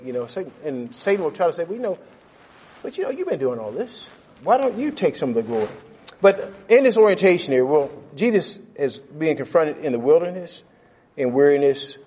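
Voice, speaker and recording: A man's voice: on the high side, mellow. A middle-aged man teaching a Bible lesson in a plain, folksy way, repeating phrases for stress and putting questions to his class. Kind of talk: conversational sermon with class questions.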